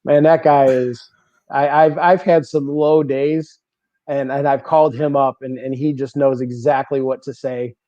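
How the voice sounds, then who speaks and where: A man in a podcast interview tells stories in an animated way, laughing easily and doubling up words as he talks. His voice sits in a middling range. The audio is a bit dull and very dry. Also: mid-range voice, a little slow, dry recording. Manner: animated, laughing often, repeating words as he goes. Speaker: guest bowler. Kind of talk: casual storytelling in a podcast interview.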